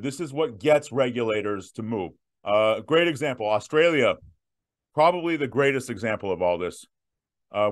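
A man in his thirties hosting a viewer Q&A, emphatic and direct, slowing down to stress his points. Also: mid-range voice. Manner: emphatic, punchy repetitions, slows down to stress points. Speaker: host answering viewer questions. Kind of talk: direct-to-camera Q&A.

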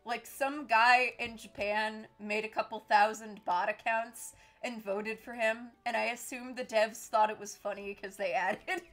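A woman's voice: a little high, steady tone, measured pace, hardly any pauses, a bit bright. A young woman chatting casually while streaming a game, giggling often.

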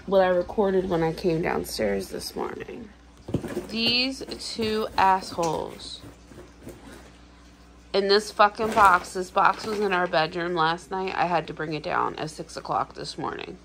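A woman's voice: lowish voice, gravelly, a little hiss or hum, rough recording. A young adult woman telling a frustrated, swear-filled story to her camera in a casual vlog. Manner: ranting, swears freely, lots of fillers. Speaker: vlogger.

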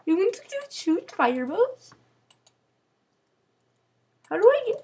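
High, lively young woman gaming. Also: slow. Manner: silly, dramatic, exclaiming. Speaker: gamer. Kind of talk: playful game commentary.

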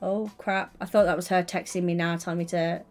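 A woman's voice: lowish voice, fairly even intonation, a little fast, darkish tone, soft background music. A young woman streaming, chatting casually and teasingly while building in a game. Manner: teasing, giggly, playful.

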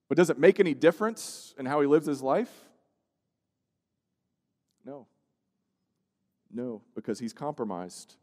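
A male pastor delivering a sermon, moving from hushed, slow passages to loud, emphatic outbursts. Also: a little high. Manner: preaching with swings from hushed to emphatic. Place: church sanctuary. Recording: long church-hall reverb.

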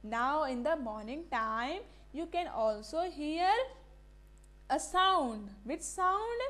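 This teacher's voice sits high, with lively intonation, a slow pace, and a fairly bright tone. During her classroom lesson she poses questions, repeats key terms, and drops Hindi phrases into her English from time to time.

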